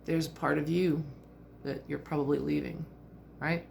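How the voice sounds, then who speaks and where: A woman's voice: deep voice, fairly even intonation, moderate pace, gravelly, a little mellow, a little hiss or hum. A woman in her fifties giving a chatty, reflective vlog monologue, with fillers and small laughs. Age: 50s. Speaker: vlogger.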